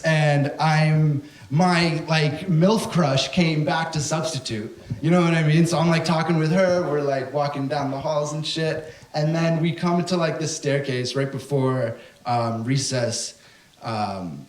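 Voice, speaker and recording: Speaking at normal speed with a slightly high pitch, a young comic tells animated, profanity-heavy stories on stage and plays the characters himself. An audience can be heard in the echoey venue.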